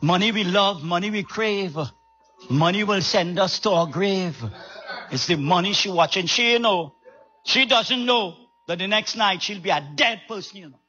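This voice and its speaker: Raspy guy preaching hard, highish bright voice, keeps asking for amens, faint music behind. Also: normal speed, dull audio. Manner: emphatic, calls for amens, repeats phrases. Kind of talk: sermon.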